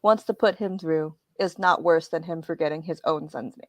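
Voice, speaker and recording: A woman's voice: low-pitched, moderate pace, darkish tone, no room sound. A woman co-hosting a show in casual chat, telling stories expressively and laughing often. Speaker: co-host.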